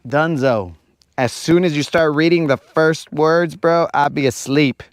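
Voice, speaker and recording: A man's voice: fairly high pitch, measured pace, clear, resonant tone, no echo. A man hosting a fishing livestream from a lake, bantering with his chat in a playful, teasing, slangy way.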